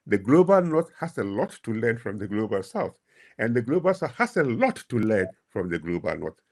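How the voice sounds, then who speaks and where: A man speaking as a panelist in a webinar, measured and full of hesitations, heard over a video call. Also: lowish voice, big pitch swings, darkish tone.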